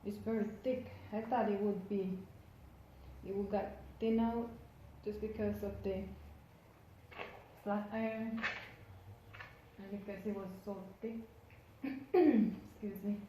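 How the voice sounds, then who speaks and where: A woman's voice: medium pitch, steady tone, slow pace, long pauses, dark tone, slight background noise. Chatty woman vlogger in an echoey room. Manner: chatty, addresses viewers while working. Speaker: hair vlogger. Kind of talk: casual how-to narration.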